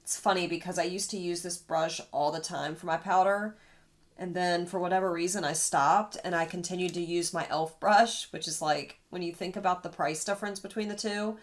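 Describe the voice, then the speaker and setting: A woman with a somewhat low voice talks casually through a get-ready-with-me makeup routine. She sounds tired and run-down from being sick, and her talk rambles in a relaxed, conversational way. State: tired and ill. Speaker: beauty vlogger.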